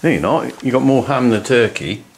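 A man's voice: mid-range voice, expressive, moderate pace, creaky. A man hosting a casual cooking vlog at home, chatty and jokey as he bosses the kids along. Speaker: host. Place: home kitchen. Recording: noisy home recording.

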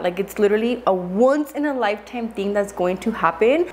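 A woman's voice: medium pitch, brisk, few pauses, a little hiss or hum. A young adult woman chatting casually to her viewers while eating, emotional and full of fillers and restarts. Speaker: vlogger. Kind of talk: casual mukbang chat to camera.

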